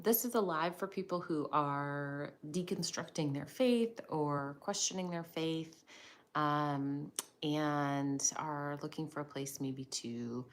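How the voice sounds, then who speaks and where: A woman hosting a casual livestream from home, speaking softly and hesitantly with lots of ums, while a dog barks now and then. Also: low-pitched. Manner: soft-spoken, hesitant with many ums. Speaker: livestream host. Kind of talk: casual live chat.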